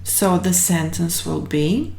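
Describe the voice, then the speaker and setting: Woman, language teacher, very slow deliberate delivery, slightly low voice, encouraging, roomy echo. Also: expressive, gravelly, darkish tone, soft background music. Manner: drills words slowly and repeats them, encouraging. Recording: roomy, echoey room.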